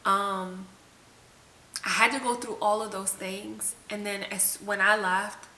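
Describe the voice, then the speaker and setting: A woman's voice: mid-range voice, flat delivery, takes it slowly, bright, forceful tone. A woman vlogger telling a personal story to the camera in a candid, emotional, conversational way. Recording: echoey room with faint hiss.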